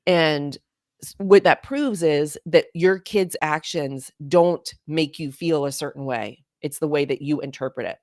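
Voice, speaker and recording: Low-voiced earnest woman coach. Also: measured pace, no room sound, clean studio sound. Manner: earnest, emphatic, repeats points. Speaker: guest coach. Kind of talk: casual podcast talk.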